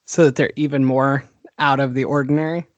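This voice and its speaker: A man's voice: medium pitch, fairly even intonation, a little fast, no echo, muffled recording. A man co-hosting a podcast in a teasing, easygoing manner, laughing often as he pushes back on his partner. His voice sits mid-range, recorded close and dry. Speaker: podcast co-host. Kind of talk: casual chat.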